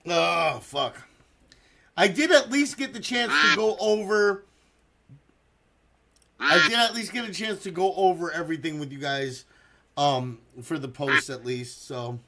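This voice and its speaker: A man's voice: a little high, measured pace, pauses often, background noise. A man hosting a casual live stream, chatting with viewers and calling a duck race, swearing freely and quacking to cheer them on. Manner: quacks loudly to cheer races. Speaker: streamer hosting a community server.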